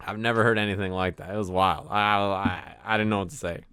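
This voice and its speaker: A man streaming, telling stories in casual chat, animated and swearing freely as he acts out what people said. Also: lowish voice, a little fast, smooth, no echo, clean studio sound.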